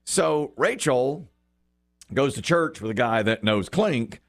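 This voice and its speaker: A middle-aged man hosting radio talk tells a story with a lively voice that swings up and down. His pitch sits in a middle range, and he acts out the people he quotes. The talk stays loose and chatty. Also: slow, gravelly. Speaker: radio show host. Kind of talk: casual on-air chat.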